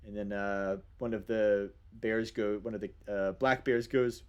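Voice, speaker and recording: A man's voice: on the low side, fairly even intonation, measured pace, few pauses, darkish tone, clear, resonant tone, lo-fi sound. A man narrating as game master in a casual, rambling way, with many fillers.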